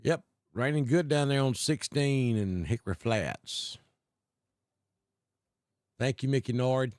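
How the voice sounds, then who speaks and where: A man from Alabama with a Southern accent tinged with north Georgia mountain talk, hosting a live weather stream in a folksy, unhurried way and greeting viewers by name. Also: mid-range voice, a little mellow, no echo, studio quality. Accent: Southern US, Alabama with north Georgia mountain mix. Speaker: weather livestream host.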